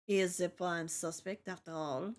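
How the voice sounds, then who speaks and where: A woman's voice: on the low side, steady tone, natural voice. A woman voicing a stern, commanding noblewoman who gives orders, while reading a game aloud. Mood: imperious. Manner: slow, imperious and curt.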